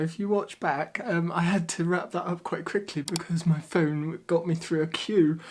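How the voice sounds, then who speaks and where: A man's voice: a little high, normal speed, few pauses, a little mellow. A man talking casually to camera at home, chatty and upbeat with plenty of filler ums. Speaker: vlogger and workplace trainer.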